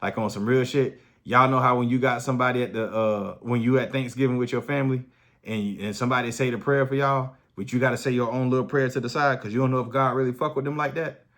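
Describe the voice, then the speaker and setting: A man's voice: medium pitch, fairly even intonation, quick pace, fairly bright tone. A man, talking in a blunt, profane, hyped-up way in a casual motivational vlog. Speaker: fitness vlogger.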